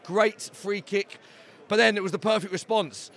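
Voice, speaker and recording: An English man hosting a podcast outside a stadium, emotional and breathless, putting excited questions to a guest. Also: high-pitched, moderate pace. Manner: breathless, emotional, calling questions over the noise. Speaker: podcast host. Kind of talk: excited on-the-street podcast interview. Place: outdoors by a stadium after a match.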